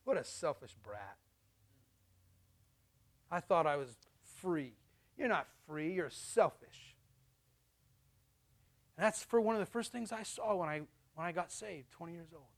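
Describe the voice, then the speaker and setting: High-voiced preaching man. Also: measured pace, vocal fry, long pauses. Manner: animated storytelling, acting out voices and laughing. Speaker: pastor. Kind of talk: sermon.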